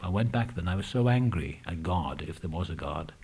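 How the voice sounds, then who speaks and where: A man's voice: low voice, a little fast, hardly any pauses, a little mellow, a little hiss or hum. A man telling his recovery story at a meeting, candid and reflective, with frequent hesitations. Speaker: AA speaker. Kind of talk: personal recovery talk. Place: meeting room.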